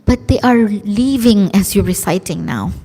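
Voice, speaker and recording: A woman's voice: mid-range voice, measured pace, mellow, slightly rough, voice pushed down. A woman voicing a frightened dying young man inside a sermon. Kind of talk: acted quote within a sermon. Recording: long hall reverb.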